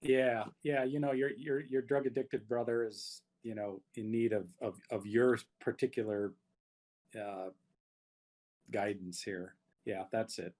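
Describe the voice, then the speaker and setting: A man's voice: lowish voice, steady tone, measured pace, darkish tone, voice pushed down. Easygoing teen brother full of "you know"s, as a man plays him. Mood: shrugging. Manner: casual, shrugging, talks in fillers. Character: laid-back teenage boy, grounded older brother.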